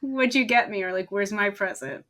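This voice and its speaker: Bright-voiced woman chiming in. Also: mid-range voice, moderate pace. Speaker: podcast co-host. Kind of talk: casual recap chat.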